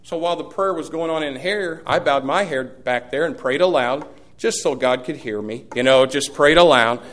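A middle-aged man preaching a sermon as pastor, folksy, swinging from loud peaks to hushed asides. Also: a little high, moderate pace.

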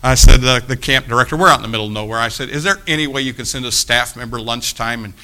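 A man preaching, telling a long story about himself in an animated, self-mocking way, acting out the quotes. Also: medium pitch, fast. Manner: animated anecdote with acted quotes, laughing at himself. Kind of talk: storytelling sermon.

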